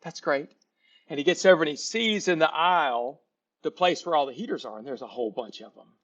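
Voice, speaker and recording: A man, a sales trainer, telling a teaching story in a folksy, animated way, in a slightly muffled recording. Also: a little high, fast. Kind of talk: storytelling lesson.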